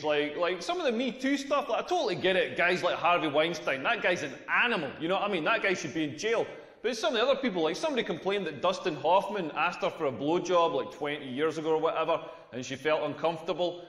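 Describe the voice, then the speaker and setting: An actor playing a crude, self-mocking Scottish stand-up comedian of forty, rambling through a bawdy set on stage. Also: male voice, sits high, fairly bright tone. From rural Scotland. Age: 40s. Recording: echoey hall reverb from a stage.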